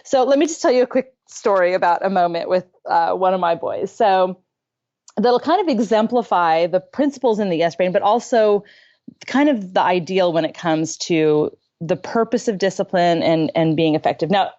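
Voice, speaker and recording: A woman's voice: lowish voice, normal speed, dull audio. Candid woman telling a parenting story. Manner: candid, self-deprecating, animated. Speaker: parenting author guest. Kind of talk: conversational storytelling. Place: her own room at home.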